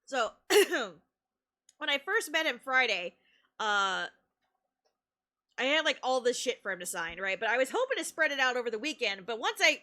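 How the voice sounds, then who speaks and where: A woman streamer telling a story in casual live-stream chat, excitable, laughing often and swearing casually. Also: a little high, normal speed, long pauses.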